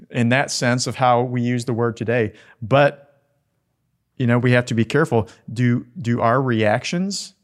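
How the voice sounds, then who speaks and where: Gentle, earnest male preacher. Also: mid-range voice. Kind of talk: sermon.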